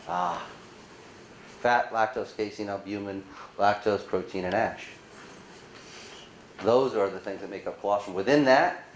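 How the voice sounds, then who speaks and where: A man presents at a conference, telling anecdotes with lively acted-out dialogue and tossing rhetorical questions to the crowd. His voice sits in the middle range for a man. The room echoes around him, with a faint hiss underneath. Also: mid-range voice. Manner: animated storyteller acting out dialogue; asks the audience rhetorical questions. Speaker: conference speaker. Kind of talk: conference presentation to a live audience.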